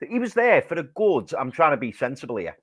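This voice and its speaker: A man on a fan panel, excitedly retelling what he saw and acting out quotes. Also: a little high, fairly quick, dry recording. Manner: animated storyteller, acts out quotes. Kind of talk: excited football fan chat.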